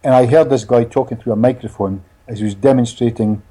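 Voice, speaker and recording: A man speaking as a hypnotherapist guest in a casual interview, an animated storyteller who laughs often and repeats his words. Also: mid-range voice, fast talker, slightly rough.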